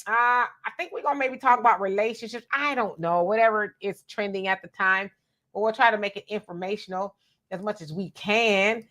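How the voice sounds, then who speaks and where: A woman from Southern California co-hosting a live stream, chatting casually with viewers and telling animated stories. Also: medium pitch, moderate pace. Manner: animated, talks straight to viewers, tells stories. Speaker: co-host of a live stream show.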